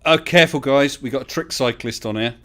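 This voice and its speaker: A man's voice: medium pitch, fairly quick, a bit bright, slight background noise. A man hosting a live stream, chatting casually and laughing often. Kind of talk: casual chat. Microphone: voice chat call.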